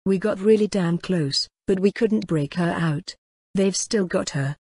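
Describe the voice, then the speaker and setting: A woman voicing a blunt middle-aged mother who mutters an apology, in a storybook reading, with a husky voice. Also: lowish voice, a little slow, a little mellow, no room sound, studio quality. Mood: apologetic.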